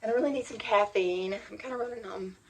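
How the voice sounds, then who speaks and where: A woman's voice: medium pitch, fast, slight background noise, rough recording. A woman chatting casually as a homeschooling mom vlogger, rambling and heartfelt. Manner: rambling and chatty, with many restarts and "like"; heartfelt, near tears. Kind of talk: casual sit-down chat.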